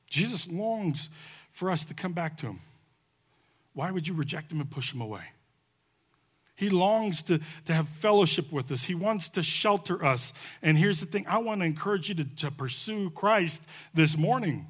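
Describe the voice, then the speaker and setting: A male pastor preaching at a church service, swinging from soft pleading to loud fervent calls and leading an altar call and prayer. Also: a little high, lively intonation, moderate pace, slightly rough.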